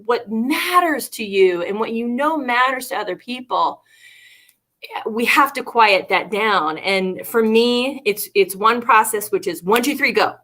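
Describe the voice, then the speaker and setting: A woman co-hosts a casual livestream, chatting with a bright, forceful edge and a slightly raised pitch. She laughs often and speaks directly to her viewers. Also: animated, a little slow. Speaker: co-host.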